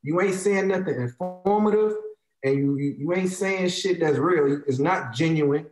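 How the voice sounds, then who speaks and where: A man's voice: a little high, moderate pace, a little mellow, echoey room, rough recording. A man in his thirties with an African American Vernacular English accent, ranting in casual talk; heated, profane and emphatic, repeating lines to drive his point home. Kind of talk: casual opinionated rant.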